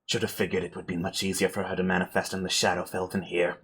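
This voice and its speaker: A spent woman mage, voiced by a man, speaks low and quietly, worn out after a great spell. The voice is bright and clear despite the weariness. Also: slow pace, full character voice. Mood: weary.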